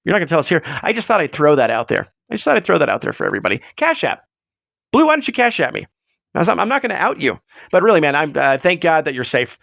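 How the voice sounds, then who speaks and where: A man hosting a live show in casual chat, rambling and excitable as he tells stories, swearing freely, on a close mic. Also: fairly high pitch, rapid-fire, gravelly, dry recording, muffled recording. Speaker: livestream host.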